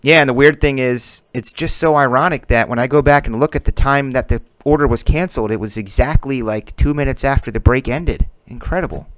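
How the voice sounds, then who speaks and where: Smooth, dry-voiced man chatting casually. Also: mid-range voice, brisk, hardly any pauses, dry recording. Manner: chatty and joking, calls out player names as cards come up. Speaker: host of a card-breaking stream. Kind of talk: casual running commentary while opening card packs.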